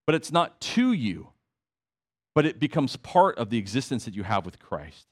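A man's voice: mid-range voice, sing-song, moderate pace. A man preaching a sermon to his congregation, conversational with emphatic repetition and asides. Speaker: pastor.

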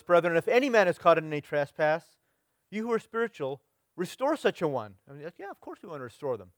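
Middle-aged male preacher, fairly high voice, chatty delivery that fades at phrase ends, dry close recording. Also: no echo. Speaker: pastor. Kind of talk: sermon.

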